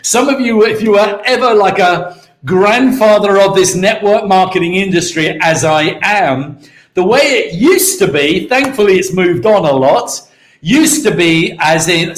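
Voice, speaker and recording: A British man giving an energetic motivational talk on a live stream, repeating key words and calling out to viewers by name. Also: high voice, unhurried, roomy sound. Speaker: network marketing mentor hosting a live stream.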